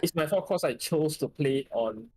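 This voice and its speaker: A man's voice: on the high side, animated, moderate pace, a little mellow, a little hiss or hum. A man from Malaysia or Singapore, co-casting a live esports match, talks through plays in a hesitant, analytical way. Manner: hesitant, analytical, lots of "like" fillers. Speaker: guest co-caster.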